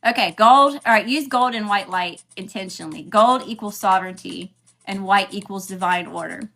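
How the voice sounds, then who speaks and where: Bright-voiced woman on a spiritual livestream. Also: medium pitch, moderate pace, gravelly. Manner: chatty, greets viewers by name, says y'all. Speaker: spiritual reader hosting a livestream. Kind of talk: casual livestream chat.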